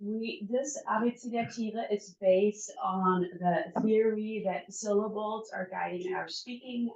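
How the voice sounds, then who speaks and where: A woman teacher presenting to parents at a school workshop, who slowly sounds out syllables to demonstrate. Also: medium pitch, darkish tone, a little hiss or hum. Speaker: first grade teacher. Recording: muffled, distant, echoey room.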